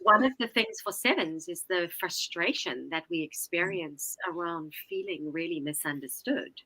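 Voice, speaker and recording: A woman telling a story in a casual talk, lively and animated, swearing freely and acting out what people said. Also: on the low side, normal speed, poor audio. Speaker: guest, Enneagram teacher.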